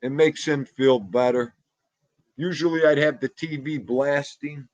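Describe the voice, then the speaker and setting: A man hosting a casual livestream from home, loudly greeting chatters by name and reacting to comments. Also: on the high side, steady tone, unhurried, no echo, muffled recording. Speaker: livestream host. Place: home room.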